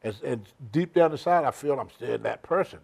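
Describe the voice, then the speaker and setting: A man's voice: mid-range voice, lively intonation, normal speed, gravelly, darkish tone, husky. Older man telling rambling wrestling stories. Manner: rambling, emphatic storytelling with dropped grammar. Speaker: interview guest. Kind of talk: shoot interview storytelling.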